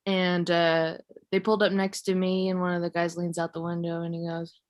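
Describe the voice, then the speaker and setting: A young woman from California doing a stand-up comedy set, rambling and self-mocking in a deadpan way. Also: lowish voice, normal speed. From San Jose, California.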